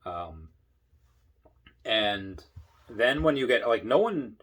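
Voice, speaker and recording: A man's voice: fairly low pitch, sing-song, slow, fairly bright tone, breathy edge. A tipsy man, an Air Force veteran, telling rambling stories to camera in casual, profane talk and acting out other people's lines. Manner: rambling, profane, acts out voices in bursts.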